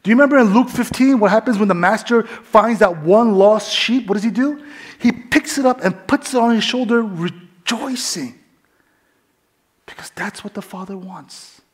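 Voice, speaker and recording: A young man preaching his testimony, swinging between hushed whispers and loud fervent bursts. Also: sits high, moderate pace. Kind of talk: testimony sermon.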